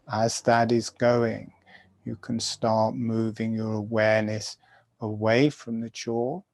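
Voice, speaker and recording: A man slowly guiding listeners through a breathing exercise in a soft, calm voice. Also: mid-range voice, vocal fry. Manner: slow, soft-spoken, calm guidance. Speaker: breathwork teacher. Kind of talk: guided breathing instruction.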